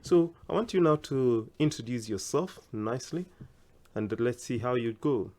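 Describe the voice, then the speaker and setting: A man with a mid-range voice leads a language lesson. He repeats short phrases slowly and carefully, drilling pronunciation. His questions rise clearly at the end. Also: mid-range voice, expressive, a little mellow. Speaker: Swahili teacher.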